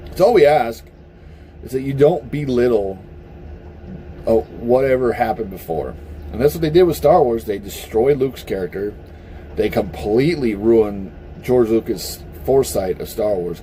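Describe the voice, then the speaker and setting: Male vlogger, mellow voice, lively pitch, profane heated rant. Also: a little hiss or hum. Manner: profane and blunt; animated, heated. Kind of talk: casual opinion rant.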